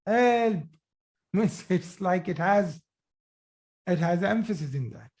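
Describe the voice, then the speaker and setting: A man's voice: high-pitched, expressive, slow, a little mellow. A man teaching Arabic grammar in a live online lesson, patient, often praising his students.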